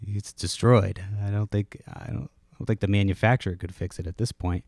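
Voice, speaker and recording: Low-voiced man rambling on a podcast. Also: fairly even intonation, a little fast, vocal fry, hardly any pauses, a little mellow, no echo, clean studio sound. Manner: rambling, profane, laid-back storytelling. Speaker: podcast host. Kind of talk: casual solo podcast rambling. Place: at home.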